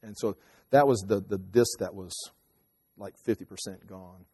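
A man in his fifties telling a personal story casually, rambling with many halting restarts. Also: lowish voice, warm tone, breathy edge. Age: 50s. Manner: rambling, halting restarts, acts out voices in quotes. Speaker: teacher and speaker. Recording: long hall reverb.

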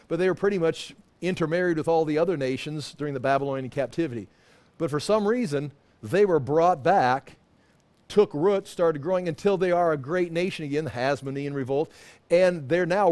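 A man's voice: on the high side, darkish tone. A man in his sixties teaching a Bible study class in a loose, conversational way, full of asides and self-corrections. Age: 60s.

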